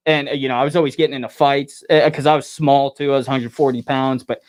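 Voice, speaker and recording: A man's voice: medium pitch, fairly even intonation, quick pace. A man, a pro wrestler guest, telling a rambling story in casual podcast chat, laughing often and acting out what others said.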